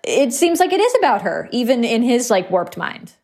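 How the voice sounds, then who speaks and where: A woman's voice: a little high, sing-song, normal speed, darkish tone. A woman guest in a casual podcast chat, blunt and indignant, often trailing off and restarting her sentences.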